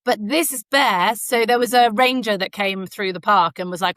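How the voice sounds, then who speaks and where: This podcast co-host in Canada speaks at normal speed with a steady tone and hardly any pauses, her mid-range voice a bit bright. She's a chatty storyteller, rambling casually with lots of fillers, recorded with no room sound.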